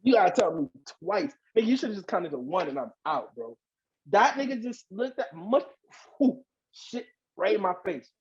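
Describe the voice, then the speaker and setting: A man who is a podcast guest, telling a story in casual chat, animated and slangy and swearing a lot. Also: sits high, normal speed, creaky, husky, muffled recording.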